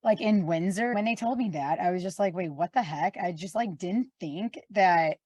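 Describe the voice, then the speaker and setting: A woman's voice: medium pitch, moderate pace, darkish tone, no echo. A woman co-hosting a casual podcast, chatty with many fillers. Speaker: podcast co-host. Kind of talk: casual chat.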